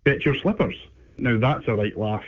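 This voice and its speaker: Cheeky British bulldog voiced by an AI man, gruff and chatty, husky tone, tinny phone-line sound. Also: medium pitch, animated, moderate pace, no room sound.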